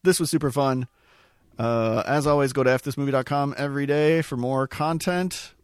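A relaxed man hosting a movie podcast, talking casually in a middle-pitched voice. The sound is dry and close, with no room echo. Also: moderate pace, smooth. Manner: relaxed, chatty, reads out show plugs. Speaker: podcast host. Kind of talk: casual chat.

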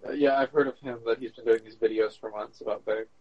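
A man co-hosting a podcast, chatting casually in a measured, hedging way. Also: mid-range voice, fairly even intonation, no echo, highs cut off. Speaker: podcast co-host. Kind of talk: casual chat.

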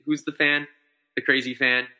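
Bright-voiced excitable man chatting sports. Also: mid-range voice, normal speed. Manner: excited, rambling, many restarts. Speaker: podcast co-host. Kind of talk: casual sports chat.

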